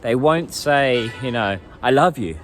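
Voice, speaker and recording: A man's voice: mid-range voice, animated, unhurried, soft background music. A man from England, talking casually and thoughtfully to the camera in a vlog. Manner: chatty and reflective, laughs while asking strangers questions in simple Mandarin. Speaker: vlogger.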